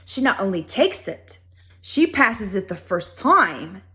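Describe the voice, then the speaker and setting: A woman with a Southern US accent hosting a video, telling a history story in a casual, animated, sassy way. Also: medium pitch, slow pace. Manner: animated, chatty, sassy asides. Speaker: video host.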